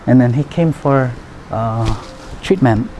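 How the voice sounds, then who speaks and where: A man, his voice in an ordinary middle range, rambles through stories with fillers and quiet chuckles. A faint hum sits behind him. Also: mid-range voice, takes it slowly. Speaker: martial arts teacher and healer. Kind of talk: conversational storytelling.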